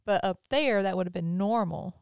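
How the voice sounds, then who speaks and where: Mississippi woman host, smooth dry voice. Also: mid-range voice, moderate pace, darkish tone, no echo. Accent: Mississippi Southern with some Northern. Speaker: podcast host. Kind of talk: casual chat.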